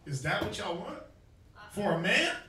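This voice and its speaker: In a call-and-response Bible teaching, this street preacher hurls questions at the crowd in a high-pitched, very animated voice that is bright and forceful at normal speed. Heard from far off in an echoey space, with a bit of background noise.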